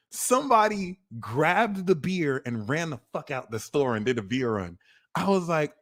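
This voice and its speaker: A young man reads tarot cards live and tells stories from his own life in loose, slangy talk. His pitch leaps all over the place, and now and then he shouts out acted-out reactions. His voice sits a little higher than a typical man's. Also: a little slow. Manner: animated, slangy, swings into loud acted-out exclamations. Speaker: tarot reader. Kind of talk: live tarot reading, casual storytelling.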